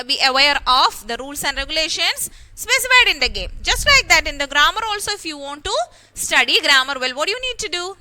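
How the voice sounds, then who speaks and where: Lady teacher, high voice, spells out letters slow and repeats words. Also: sharp tone. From India. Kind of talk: online class lesson.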